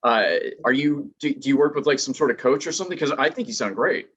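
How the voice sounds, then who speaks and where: A man's voice: mid-range voice, fast talker, a bit bright, breathy edge. A man interviewing a guest, asking loose questions with many fillers.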